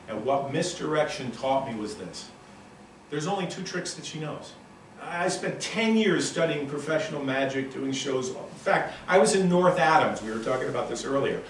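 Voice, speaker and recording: A man's voice: medium pitch, a little hiss or hum. Echoey, distant man in his sixties lecturing. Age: 60s. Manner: animated storyteller, punchy emphatic delivery. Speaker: motivational speaker. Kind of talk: live lecture with audience participation. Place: lecture room with a live audience. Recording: very echoey room, voice from a distant mic.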